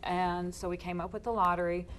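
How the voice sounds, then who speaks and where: A woman on station staff answering interview questions in a steady, matter-of-fact way. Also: on the low side, a little fast, slight background noise, low-quality recording. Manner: steady, affirming, many "mm-hmm"s.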